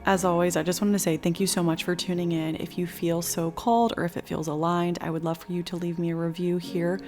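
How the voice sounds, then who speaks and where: A young woman hosting a casual spiritual podcast, chatty and rambling, talking fast with an upbeat, affectionate tone toward her listeners. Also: lowish voice, flat delivery, over music. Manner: fast-talking, slowing down at times. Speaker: podcast host.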